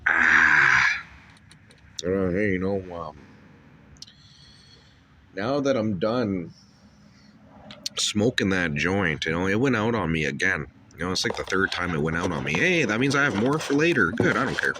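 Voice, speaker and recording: A man's voice: deep voice, expressive, moderate pace, long pauses, a bit bright, slight background noise. A man rambling profanely through a comedy skit, full of fillers and stoned asides. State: coughing and dizzy after a bong hit.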